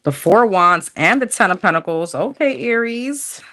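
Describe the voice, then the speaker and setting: A woman's voice: medium pitch, lively intonation, normal speed, a bit bright. A woman casually chatting through a livestream tarot reading, slangy, thinking aloud as she pulls cards. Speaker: tarot reader.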